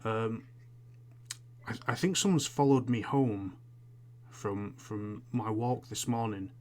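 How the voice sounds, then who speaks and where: A man voicing a frightened man who speaks in a hushed, stammering voice on a phone call in a tabletop game. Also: lowish voice, slow.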